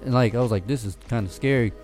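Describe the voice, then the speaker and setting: Man, casual chat, profane storyteller, laughs a lot, middle pitch, faint music behind. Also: fast, a little mellow.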